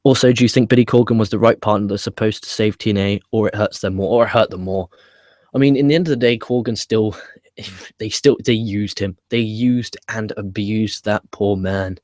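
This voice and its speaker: Low-voiced chatty male live-streamer. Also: fairly even intonation, normal speed, a little mellow, no echo, studio quality. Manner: chatty, swears casually, rambling restarts. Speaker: wrestling review show host. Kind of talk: casual live-stream chat. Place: home setup with laptop.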